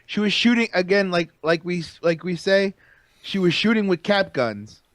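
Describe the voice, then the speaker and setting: A man co-hosting a casual wrestling podcast, animated, emphatic and profane. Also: sits high, normal speed, no echo. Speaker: podcast co-host.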